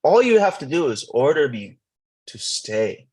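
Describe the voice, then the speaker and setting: Brief: man doing a sacred cow from legend, husky, earnest, a little higher. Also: big pitch swings, a little slow, a little mellow. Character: wise mystical female wish-granting cow.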